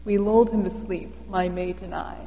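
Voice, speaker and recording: A woman voicing a gentle, cooing dove in a storybook. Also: medium pitch, steady tone, normal speed, long reverb tail, dull audio, slight background noise, lightly acted. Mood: soothing.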